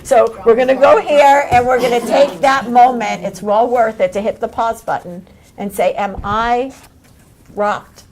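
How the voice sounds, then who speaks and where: A woman's voice: a little high, fairly even intonation, unhurried, darkish tone. A woman leading a live coaching workshop for a group, talking energetically, laughing often and acting out quoted lines. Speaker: workshop leader.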